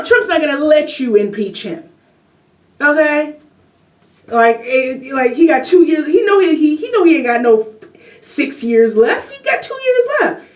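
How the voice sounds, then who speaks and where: Brief: rambling woman commentator, fairly high voice, echoey room, off-mic. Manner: rambling, lots of "you know" and "like", laughs often. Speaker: vlogger. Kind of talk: casual political commentary. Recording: roomy echo, distant from mic.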